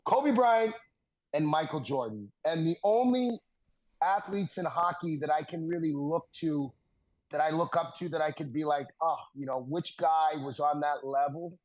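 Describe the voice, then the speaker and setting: A man in his thirties, a podcast guest telling stories in a casual, animated way and laughing through the punchlines. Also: a little high, moderate pace, dull audio. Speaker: podcast guest, former hockey defenseman. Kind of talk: casual storytelling.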